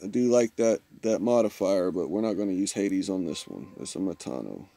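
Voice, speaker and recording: A man's voice: low voice, expressive, fairly quick, gravelly, dark tone, no room sound. A man, chatting casually with viewers while streaming a mobile game. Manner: laid-back, chatty, self-teasing. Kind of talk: casual live-stream chat.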